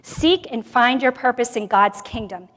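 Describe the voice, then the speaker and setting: A woman giving a sermon at a church women's conference, sharing her own story and moving from quiet to loud, emphatic passages. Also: a little high, unhurried. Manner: expressive, swings from soft to loud. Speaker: conference speaker. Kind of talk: sermon with personal testimony. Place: church sanctuary. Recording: long hall reverb.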